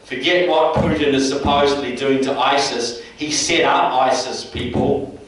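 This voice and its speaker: A man's voice: mid-range voice, fairly even intonation, normal speed, a bit bright. A man from New Zealand with a New Zealand accent, giving a folksy, direct speech to a local group, recorded in a meeting hall. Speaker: guest speaker. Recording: echoey hall, mic far off.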